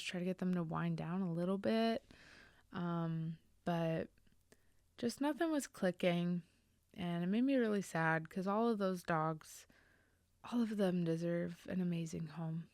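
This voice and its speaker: Earnest woman podcast host, smooth lowish voice. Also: no room sound, clean studio sound. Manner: earnest, reflective, halting with many fillers. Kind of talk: personal storytelling on a podcast.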